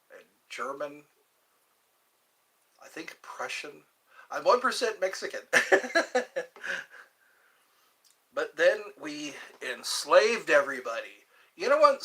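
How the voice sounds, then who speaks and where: An older man hosting a livestream, rambling casually and joking to himself in a slow, meandering way. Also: on the high side, sharp tone, rough recording. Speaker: livestream host.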